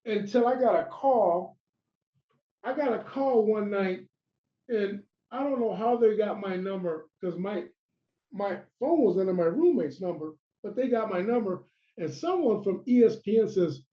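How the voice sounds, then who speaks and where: A man with a high voice rambles through old wrestling stories, breaking off and restarting as he acts out conversations. The sound is roomy and dull, like a lo-fi recording. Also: lively intonation, normal speed. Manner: rambling, full of restarts and acted-out quotes. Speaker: former pro wrestler, interview guest. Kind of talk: casual storytelling interview.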